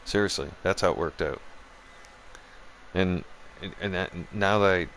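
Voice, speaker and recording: Low-voiced guy ranting and swearing at his viewers while he games, faint hiss behind. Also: measured pace, fairly bright tone. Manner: profane, ranting, addresses viewers directly. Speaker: gaming channel host. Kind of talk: casual rant while streaming a game.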